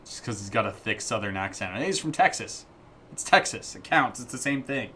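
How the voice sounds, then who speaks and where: Bright-voiced man rambling on a dev stream. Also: lowish voice, expressive, brisk, slight background noise. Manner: rambling, playful, jokey asides. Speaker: indie game developer streaming his work. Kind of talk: casual live-stream chat.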